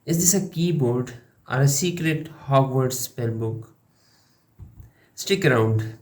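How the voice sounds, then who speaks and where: A young man from Pakistan, a language learning YouTuber, giving a jokey, unhurried explainer with pauses between phrases. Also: mid-range voice. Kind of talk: playful explainer monologue.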